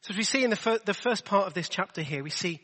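A man's voice: high voice, expressive, quick pace, sharp tone, big-room sound. A man preaching a sermon in a chatty, self-deprecating way, full of rhetorical questions. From England.

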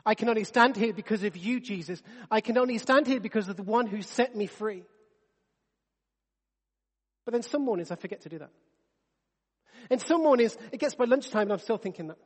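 A man's voice: sits high, fairly quick, pauses often, long reverb tail. A man in his thirties preaching a sermon, earnest and conversational, often restarting his sentences. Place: church.

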